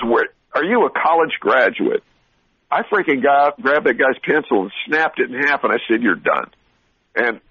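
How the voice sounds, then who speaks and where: A middle-pitched man with a husky voice talks straight and blunt, breaking into laughter mid-story. The sound is dry and a little dull, like a radio broadcast. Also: no echo. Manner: blunt, animated storytelling with frequent laughs and restarts. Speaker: veteran talk show guest speaker. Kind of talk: casual motivational radio talk.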